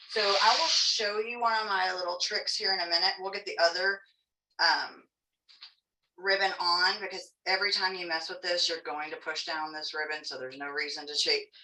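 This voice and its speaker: A woman's voice: low-pitched, bright, forceful tone. A woman teaching an online craft class in a loose, chatty way, with asides and fillers. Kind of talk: casual craft tutorial. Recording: distant mic, faint noise.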